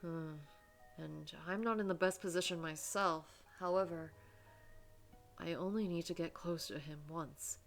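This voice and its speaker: A woman's voice: lowish voice, measured pace, faint music behind. A woman voicing a wounded giant male guard who is loyal and protective, speaking earnestly and resolutely.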